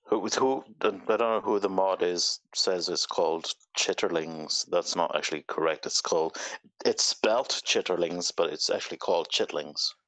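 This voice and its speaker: A man's voice: sits low, normal speed, fairly bright tone, no room sound, low-quality recording. A man chatting casually on a voice call. He is easygoing and laughs readily, but will politely correct others. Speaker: call participant.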